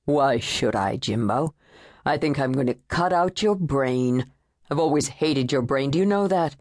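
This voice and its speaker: A woman reading an audiobook voices a mad old man who taunts his victim in a deep, sneering voice. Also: darkish tone, no echo, clean studio sound. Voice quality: deep voice, scratchy laugh. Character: menacing old male killer, mad and taunting. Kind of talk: audiobook character voice.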